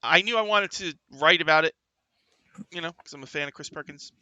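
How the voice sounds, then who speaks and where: A man's voice: fairly high pitch, a little fast, pushed and bright, highs cut off, a little hiss or hum. A man hosting a livestream talk show, chatting casually and rambling, with lots of fillers and restarts, sometimes reading viewer comments aloud. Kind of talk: casual chat.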